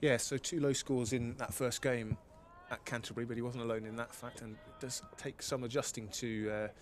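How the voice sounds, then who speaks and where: A man giving expert analysis as co-commentator on a live cricket broadcast, measured and thoughtful. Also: mid-range voice, fairly even intonation.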